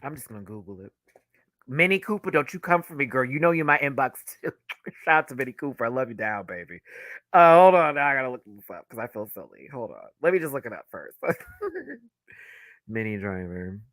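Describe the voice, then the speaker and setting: A man's voice: medium pitch, big pitch swings, brisk, a bit bright, no room sound, studio quality. A man giving a live, gossipy reaction review of a drag reality show, talking casually with sassy asides and frequent laughter.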